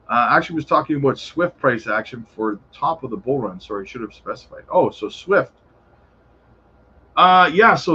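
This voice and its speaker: A man's voice: medium pitch, sharp tone, muffled recording, slight background noise. A man hosting a casual crypto livestream, answering viewer questions in a laid-back, chummy way and calling viewers brother. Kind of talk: casual live chat reading viewer questions.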